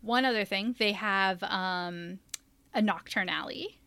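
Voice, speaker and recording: A talkative woman chatting casually, wandering through her thoughts with many fillers and restarts. Her voice sits at a middle pitch and sounds dry and close to the mic. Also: takes it slowly, bright, forceful tone, smooth, no echo. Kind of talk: casual chat.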